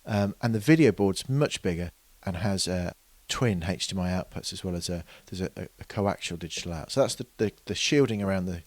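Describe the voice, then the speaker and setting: A man's voice: low-pitched, no room sound. A man explaining product features in an unscripted demonstration, hesitant with many fillers and restarts. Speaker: product reviewer.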